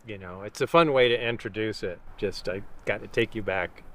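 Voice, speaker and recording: A man in casual conversation, relaxed and agreeable. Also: lowish voice, normal speed, a little hiss or hum. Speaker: guest.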